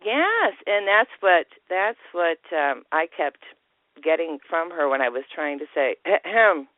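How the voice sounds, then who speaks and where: A man's voice: on the high side, big pitch swings, a little slow, dry recording. A man calling in to tell a personal story over the phone, acting out the voices he quotes and laughing often. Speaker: caller. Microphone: telephone. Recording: tinny phone line.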